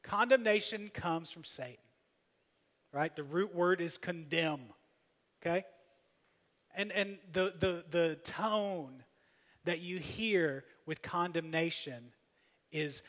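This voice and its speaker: A man with a somewhat high voice preaches as pastor. He swings between loud, emphatic appeals and soft, almost hushed asides. The recording carries the long reverb of a church hall. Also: takes it slowly, long pauses. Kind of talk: sermon.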